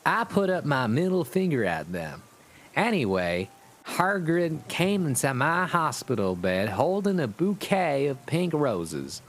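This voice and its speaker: A man playing a surly gothic teen girl, Southern belle, put-on American Southern accent, slow drawn-out drawl, comic fan-fiction reading. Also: on the high side, big pitch swings, exaggerated voice. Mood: snippy. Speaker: streamer.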